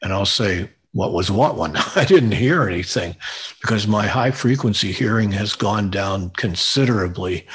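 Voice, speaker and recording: A man's voice: fairly low pitch, normal speed, fairly bright tone, breathy edge. An older man answering listener questions as a guest, chatting in a friendly way and chuckling as he explains. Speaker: guest bird recordist. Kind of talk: conversational Q&A.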